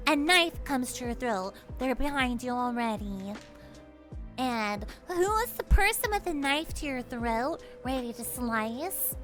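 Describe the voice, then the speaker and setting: Animated high-voiced woman streamer. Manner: animated, giggly, playful second-person storytelling. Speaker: streamer telling stories to chat. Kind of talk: casual livestream storytelling.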